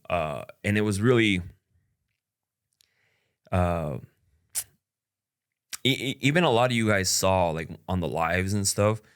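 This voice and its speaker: A man's voice: low voice, a bit bright. A young man talking frankly and at length about a breakup in a casual vlog, rambling with many fillers. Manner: rambling, frank, full of "like" and "you know". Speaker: content creator. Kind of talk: candid personal vlog talk.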